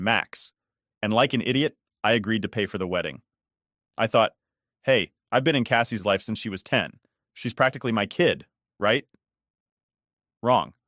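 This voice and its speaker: A man's voice: on the low side, a bit bright, no room sound. Man, story narration, exasperated, conversational, dry close sound. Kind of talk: scripted first-person story narration.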